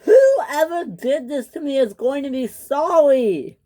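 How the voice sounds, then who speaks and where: The narrator squeaks out a hurt female train coach with a shrill, tearful, wavering voice. She is resentful and whiny, and she speaks slowly through sobs in a homemade toy train story. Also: big pitch swings, mellow, slight background noise, full character voice. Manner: crying, shrill, vengeful.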